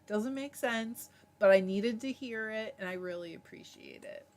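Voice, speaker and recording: A woman's voice: mid-range voice, moderate pace, a little mellow. A woman hosting a live stream in a casual, chatty way, reading viewer comments aloud, laughing often and breaking off mid-word. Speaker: livestream host.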